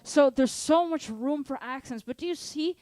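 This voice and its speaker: An energetic woman teaches a drum lesson, counting beats aloud and calling out to her students. Her voice sits a little high for a woman, and a drum kit rings out clearly behind her. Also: moderate pace, no echo, soft background music. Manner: energetic, calls out counts and asks for engagement. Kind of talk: live online drum lesson.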